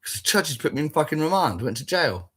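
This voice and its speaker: Brief: man, husky voice, blunt and foul-mouthed, rambling and repetitive. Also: on the high side, very animated, quick pace, fairly bright tone. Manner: sweary, blunt and rambling, repeats himself. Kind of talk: casual spoken rant.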